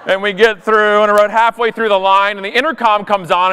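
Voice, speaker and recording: Give me a high-pitched man, performing a self-mocking comic keynote to a live crowd. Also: fast, clear, resonant tone, long reverb tail. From Canada. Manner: animated, self-mocking, punchy comic timing. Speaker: conference speaker. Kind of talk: comedic storytelling keynote. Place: live event stage before an audience.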